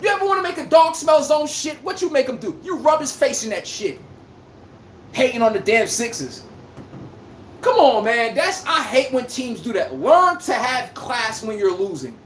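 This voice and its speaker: A woman's voice: fairly high pitch, very animated, normal speed, roomy sound, a little hiss or hum. A woman hosting a casual sports livestream, ranting, trash-talking and reading out chat comments. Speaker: livestream host.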